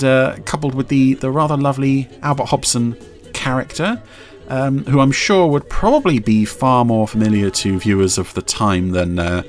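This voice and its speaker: Man musing with lively pitch. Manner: hesitant, many fillers and restarts. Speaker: podcast host reviewing an episode. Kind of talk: casual review chat.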